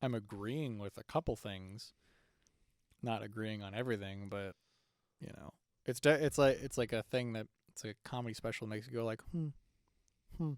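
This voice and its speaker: A young man with a lowish voice chats casually as a podcast co-host at a moderate pace, rambling through plenty of fillers and restarts. The sound is studio quality, with no room sound.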